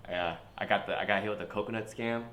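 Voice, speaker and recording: Deep-voiced laid-back man. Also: steady tone, fast talker, a bit bright, roomy sound, slight background noise. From United States, California. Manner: laid-back storyteller, swears freely, acts out quotes. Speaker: guest, stand-up comedian. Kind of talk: casual podcast chat.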